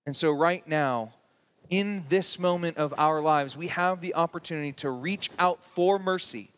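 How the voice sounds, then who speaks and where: A man preaching a sermon as pastor, with emphatic rising peaks and slow drawn-out words. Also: on the high side, fairly bright tone. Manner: reads scripture and quotes aloud.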